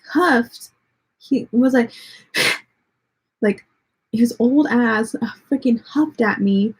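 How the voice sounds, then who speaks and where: A woman's voice: sits high, a little mellow, slightly rough, poor audio. A young woman with a Texan accent chatting bluntly and sarcastically on a livestream, filling her talk with "like". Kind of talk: casual livestream chat.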